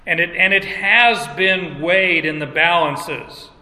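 A middle-aged male pastor preaching in an unhurried, halting way, often restarting his phrases. His voice is very bright and a bit high, and it rings out with a long hall reverb. He sounds like he's in a church sanctuary. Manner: slow, halting, with restarts and chuckles. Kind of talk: sermon.

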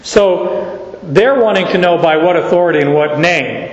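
A man preaching an expository sermon to a congregation, speaking slowly and deliberately and joking with his listeners. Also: on the high side. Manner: slow, deliberate, jokes with the audience. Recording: echoey hall, slightly dull.

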